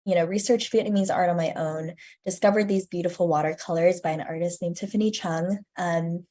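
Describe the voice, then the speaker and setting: A woman in her twenties tells her story to an interviewer in an earnest, thoughtful way. Her voice sits somewhat low, and she pauses on ums, often letting her phrases trail off softly. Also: steady tone. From United States. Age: 20s. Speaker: guest, student curator. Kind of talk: interview answers.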